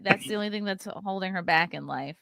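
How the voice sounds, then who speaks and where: A woman's voice: mid-range voice, quick pace, vocal fry, heavy background noise. A woman in a comedy sketch, teasing and mock-innocent in her delivery.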